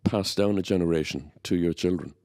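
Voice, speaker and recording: A man moderating a panel discussion, asking questions in a measured way. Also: low-pitched, mellow.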